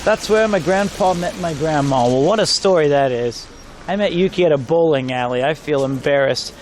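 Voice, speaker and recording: A man's voice: on the high side, moderate pace, a little hiss or hum. Joking man streaming outdoors. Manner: rambling, jokey, talks to chat. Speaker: IRL streamer. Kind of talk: casual live-stream chat while walking. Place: outdoors on city streets.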